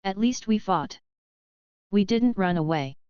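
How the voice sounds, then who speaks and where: A woman's voice: medium pitch, lively intonation, a little slow, warm tone, clean tone, no echo, highs cut off, close to an everyday voice. A woman voicing an angry, brooding young man who speaks curtly. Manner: growling, curt.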